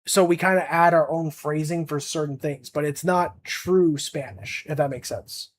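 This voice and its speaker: A man's voice: on the high side, fairly even intonation, normal speed. A young man chatting casually on a livestream as an art streamer, rambling with lots of fillers and restarts.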